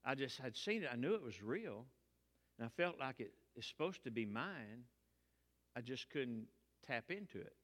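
A man's voice: mid-range voice, very animated, moderate pace, a bit bright. An older man, giving a folksy testimony sermon from the pulpit. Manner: folksy, colloquial storytelling. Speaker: preacher. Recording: long reverb of a large hall.

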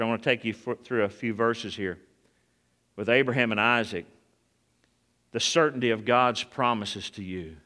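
A man's voice: medium pitch, pushed and bright. A man preaching a sermon, calling out to the congregation and building to a fervent, raised delivery. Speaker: pastor.

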